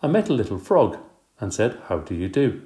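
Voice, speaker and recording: A man's voice: fairly low pitch, big pitch swings, brisk, mellow. A man voicing an eager little schoolgirl reciting in a singsong way, in a roomy recording. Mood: proud. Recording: roomy echo.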